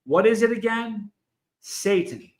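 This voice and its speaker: A man's voice: high-pitched, expressive, takes it slowly, low-quality recording. A man hosting a livestream in a casual, emphatic way, telling a story and speaking directly to viewers in the chat. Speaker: livestream host.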